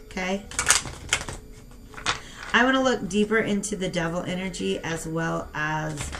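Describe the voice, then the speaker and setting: A young woman giving a casual tarot reading and talking straight to her viewers in a chatty, animated way. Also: lowish voice, unhurried, music in the background. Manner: chatty and animated, talks to viewers as "you guys". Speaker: tarot reader.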